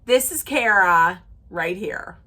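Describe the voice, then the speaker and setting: A woman talks through a reality show recap at an unhurried pace, with a mid-range voice. She sounds chatty and opinionated, stops and restarts her sentences, and often drops into a lower voice to act out what the cast members said. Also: expressive, pushed and bright. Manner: acts out quoted lines in a lower voice. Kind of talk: casual recap rant.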